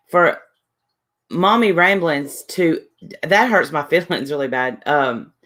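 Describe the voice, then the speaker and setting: Rambling woman on a livestream. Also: low-pitched. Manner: rambling, defensive, reads chat aloud. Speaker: livestream host. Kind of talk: casual livestream chat.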